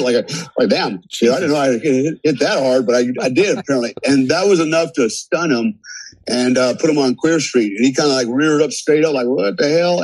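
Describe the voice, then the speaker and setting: Man, podcast guest, husky voice, dry close sound, profane, animated storyteller. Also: mid-range voice, dry recording, rough recording. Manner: animated, profane, laughs through his story. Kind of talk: casual storytelling.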